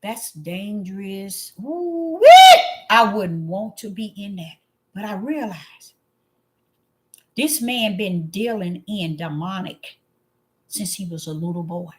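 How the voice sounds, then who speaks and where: A woman giving an emphatic religious commentary to her viewers. She repeats phrases for emphasis and swings between loud exclamations and low, muttered asides. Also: slow pace. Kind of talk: preachy commentary monologue.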